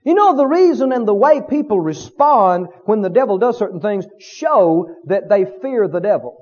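A man's voice: high-pitched, very animated, normal speed, a little mellow, lo-fi sound. A man preaching a sermon with emphasis, often asking the congregation questions.

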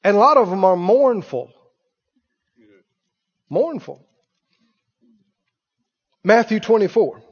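High-voiced preacher. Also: male voice, very animated, slow, pauses often, husky, big-room sound, muffled recording. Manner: emphatic, repeats phrases, mimics other voices. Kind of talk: sermon. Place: church.

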